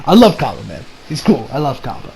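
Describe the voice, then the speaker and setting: A man giving a casual, rambling episode review, excitable and laughing, who acts out the characters' lines in quick voices. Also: medium pitch, vocal fry, a crowd in the background, rough recording. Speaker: anime reviewer.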